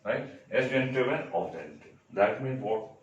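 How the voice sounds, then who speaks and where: A man's voice: medium pitch, animated, moderate pace, muffled recording. Man lecturing from across an echoey room. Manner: explains step by step, repeats examples, checks with "right?". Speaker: English grammar teacher. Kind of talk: classroom lecture. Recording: echoey room, mic far off.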